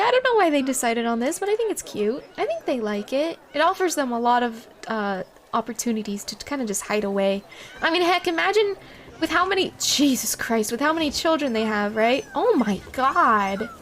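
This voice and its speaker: High-voiced giggly woman streamer. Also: very animated, fairly quick, a little hiss or hum. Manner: gushing, giggly, easily delighted; thanks viewers by name. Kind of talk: casual live-stream chat while playing.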